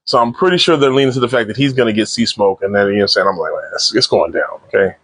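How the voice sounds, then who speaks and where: A man casually recapping and reviewing a TV episode in slangy, animated speech, acting out the characters' lines. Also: mid-range voice, very fast, dry recording. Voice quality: animated slangy retelling with acted-out quotes. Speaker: TV show reviewer.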